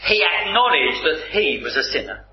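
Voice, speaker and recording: A man preaching a sermon, teaching from the Bible in a measured, emphatic way. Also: on the high side, big pitch swings, slight background noise. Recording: roomy, slightly dull recording.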